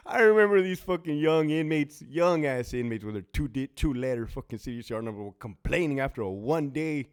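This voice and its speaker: A man's voice: fairly high pitch, a little fast, few pauses, clean tone. A man with a Californian accent, a former prison officer, tells profane stories in a blunt monologue and mimics other people's voices.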